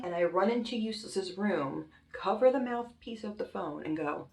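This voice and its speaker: Young woman vlogging a crazy story, animated and sweary, lowish voice, echoey room. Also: moderate pace. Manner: animated, dramatic retelling with swearing. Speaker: YouTuber. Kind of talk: casual storytime. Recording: roomy with faint music.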